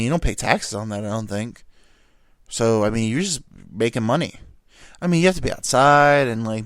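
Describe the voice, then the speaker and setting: A young man riffs through a loose comedic monologue, stumbling over his words and cursing casually. His pitch swings widely from phrase to phrase. The recording is dry and close. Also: no echo. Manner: rambling, stammering, casual swearing. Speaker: podcast host.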